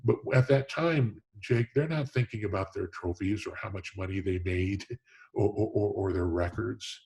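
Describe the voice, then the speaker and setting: Middle aged guy, kinda husky low voice, earnest storytelling, lots of restarts. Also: normal speed, a little mellow. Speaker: Hall of Fame president, interview guest. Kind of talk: storytelling in a conversational interview.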